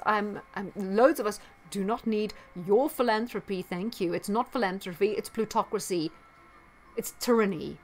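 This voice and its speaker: A woman giving a sarcastic, indignant commentary on her vlog, with emphatic outbursts. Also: medium pitch. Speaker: astrology vlogger.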